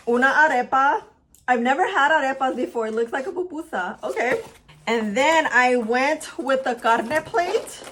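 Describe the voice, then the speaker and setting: A woman's voice: high voice, lively intonation, normal speed, fairly bright tone, slight background noise. A young woman chatting casually to camera as a beauty vlogger, upbeat and talking while she eats, at home by a window.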